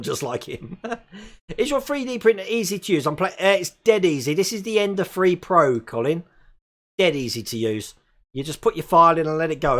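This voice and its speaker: A man's voice: fairly high pitch, fairly bright tone. A man in his forties from England, hosting a live stream and chatting casually while reading viewer comments, laughing often. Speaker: host.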